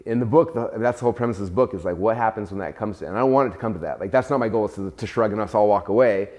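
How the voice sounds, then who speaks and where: A man in casual conversation, telling stories with many fillers and restarts, jumping into a high voice to act out his own panic. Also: rapid-fire. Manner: animated storytelling, acts out his own panic in a raised voice. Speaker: host and entrepreneur.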